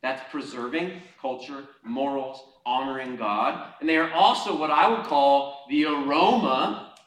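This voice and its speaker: Pastor guy preaching, bright pushy voice, kinda far off the mic in a roomy hall, goes loud then quiet, talks right to the crowd. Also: mid-range voice, unhurried. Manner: impassioned, swinging between loud urging and quiet asides; conversational, calls on the congregation. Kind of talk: sermon. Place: church hall before a congregation. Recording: echoey hall, mic at a distance.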